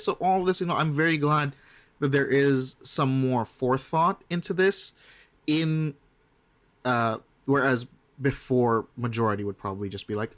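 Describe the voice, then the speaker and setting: Chatty man with frequent restarts. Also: mid-range voice. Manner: chatty, frequent restarts and asides, slips into quick impressions. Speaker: professional game master, podcast guest. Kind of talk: casual podcast interview.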